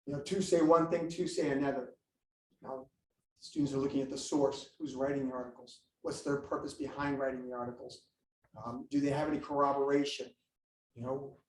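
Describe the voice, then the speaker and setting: Animated man telling school stories, echoey room. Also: medium pitch, slight background noise. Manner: animated storyteller, jokes and acts out students. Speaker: school administrator speaking to parents. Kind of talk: live presentation to parents. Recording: echoey room, live meeting.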